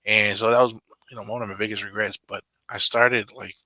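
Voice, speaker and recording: An earnest man recounts a personal story in casual conversation, full of fillers and restarts. His voice sits low but has a very bright, edgy timbre. The sound is close and dry. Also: flat delivery, brisk, no room sound. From Samoan. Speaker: channel member guest. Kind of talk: casual video call chat.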